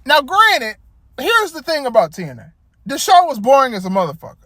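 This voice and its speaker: A man with a high-pitched voice rants about a wrestling show in a loose, rambling way, cursing freely and getting animated. The recording is dry and close, with no room sound. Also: brisk, dry recording. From Detroit area. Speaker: wrestling commentator. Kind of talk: casual rant.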